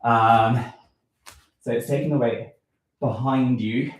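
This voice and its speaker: Slow halting man in an echoey room. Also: mid-range voice, steady tone. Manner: slow, halting, thinks aloud with many ums and self-corrections. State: a bit out of breath. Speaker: fitness vlogger leading a live workout. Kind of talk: casual live workout instruction. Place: room at home.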